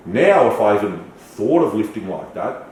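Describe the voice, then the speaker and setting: A middle-aged man telling lively stories as a podcast guest. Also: lowish voice, normal speed, heavy reverb, distant mic, slight background noise, poor audio. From Australia. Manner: animated, swearing, storytelling with acted quotes. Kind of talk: casual storytelling interview.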